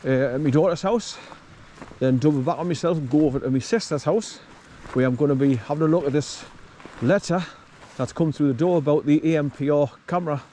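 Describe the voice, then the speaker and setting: A man's voice: a little high, a little fast, dark tone, a little hiss or hum. A middle-aged man with a Geordie accent, chatting casually as he walks outdoors and films a rambling vlog. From northeast England. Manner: chatty, rambling, talks to his dog. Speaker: vlogger. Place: outdoors on a country path.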